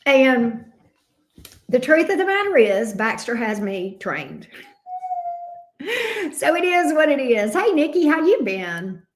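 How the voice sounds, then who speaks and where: A woman's voice: high voice, big pitch swings, slow pace, long pauses. A woman hosting a casual livestream. She greets viewers by name and coos affectionately over her dog. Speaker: tarot reader hosting a livestream. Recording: roomy echo.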